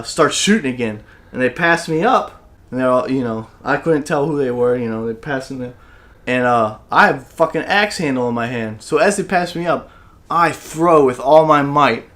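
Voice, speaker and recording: A man's voice: mid-range voice, a bit bright. Profane young man telling a rambling story. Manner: rambling, profane, acts out his own lines. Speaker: podcast co-host. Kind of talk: casual storytelling.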